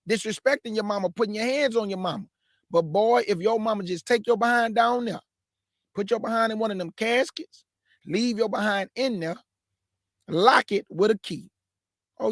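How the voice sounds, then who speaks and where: A man's voice: high-pitched, fairly quick, no echo, clean studio sound. A man preaching live to young people, fervent and repetitive, often calling listeners man and family. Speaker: host and preacher.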